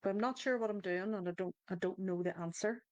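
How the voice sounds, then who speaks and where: Hosting a livestreamed coaching circle, a woman talks quickly in a medium-pitched, somewhat dark voice, often restarting her sentences and speaking to people in the chat. The audio is dull but free of echo.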